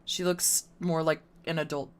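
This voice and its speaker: A woman's voice: deep voice, little pitch movement, moderate pace. A woman streamer chatting casually on a live stream, swearing freely in a playful, teasing way. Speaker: VTuber streamer.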